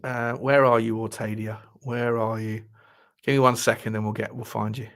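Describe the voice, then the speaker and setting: A man's voice: on the low side, little pitch movement, moderate pace, a bit bright. A man hosting a casual football livestream, chatty and thinking aloud, swearing now and then. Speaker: football channel host.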